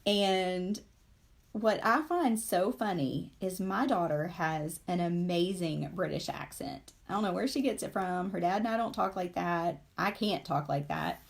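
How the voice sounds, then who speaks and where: A woman's voice: fairly low pitch, a little slow, creaky. A woman, in her forties, hosting a casual live stream while she paints, rambling with many fillers and asides to her viewers.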